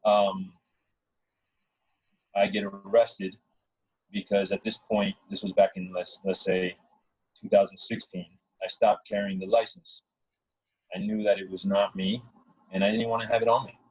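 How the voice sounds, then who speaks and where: A man with a low, husky voice recounts his own story in a casual, earnest ramble. He restarts sentences often and circles back on his points. The sound is dry and dull, like a lo-fi recording. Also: flat delivery, unhurried, long pauses, a little mellow, no room sound. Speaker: guest telling his story.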